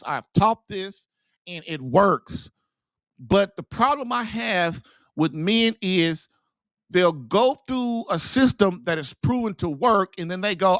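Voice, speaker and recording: A man's voice: sits high, fairly bright tone, no echo. A man hosting a marriage show, giving an earnest, preachy talk to husbands, often repeating and restarting himself as he builds to emphatic urging. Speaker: podcast host and marriage coach. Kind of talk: preachy monologue to a call-in audience.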